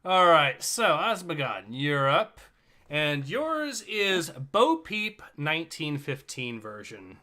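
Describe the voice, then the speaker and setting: A man with a bright, fairly high voice hosts an online reading session, reading short stories aloud to friends. He keeps it chatty and laughs between lines, heard over a voice chat mic. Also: big pitch swings, slow. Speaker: livestream host reading stories.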